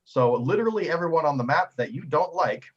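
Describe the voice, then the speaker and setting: A man narrates a tabletop game as its game master, playful and quick with jokes. His voice has a husky edge and a lively, swinging pitch, and it is captured in a dull, lo-fi recording. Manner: playful, jokey, acts out figures.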